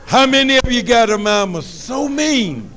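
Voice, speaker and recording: High-voiced New Orleans motivational speaker. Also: male voice, moderate pace, a faint crowd. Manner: lively, call-and-response, preacherly humor. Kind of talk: motivational talk to students. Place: high school assembly.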